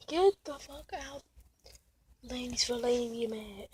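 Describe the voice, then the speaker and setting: Young girl talking into her phone in a hot car, kinda high voice, lots of background noise. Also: a little slow, pauses often. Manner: swings between loud outbursts and hushed whispers. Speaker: vlogger. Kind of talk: casual car vlog. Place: inside a parked car. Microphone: phone camera.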